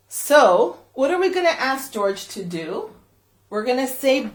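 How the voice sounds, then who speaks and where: A woman from the library reading a picture book aloud to children, switching between English and Spanish line by line in an animated way. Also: high-pitched, measured pace. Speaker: library storyteller. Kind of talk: bilingual children's read-aloud. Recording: echoey room.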